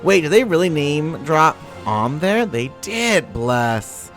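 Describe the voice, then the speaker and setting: A man's voice: on the high side, very animated, takes it slowly, a bit bright, faint music behind. A man streaming a game live, chatting casually with viewers, greeting them and swearing freely.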